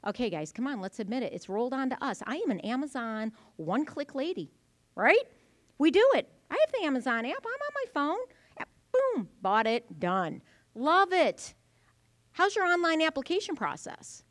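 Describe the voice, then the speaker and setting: Woman in her forties, keynote-style workshop talk, bright and expressive, acts out anecdotes, close dry mic. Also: high-pitched, normal speed, no room sound. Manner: animated storytelling, acting out voices. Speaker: conference speaker. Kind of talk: lively conference presentation. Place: event venue.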